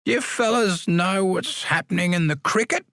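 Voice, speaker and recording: A male narrator voicing a kindly, nearly blind old man with a high, quavering voice. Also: normal speed, sharp tone, dry recording, studio quality. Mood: gentle.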